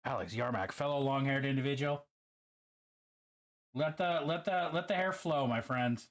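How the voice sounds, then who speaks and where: A man's voice: mid-range voice, normal speed. A man streaming live while painting miniatures. He chats casually, swears freely and greets viewers by name.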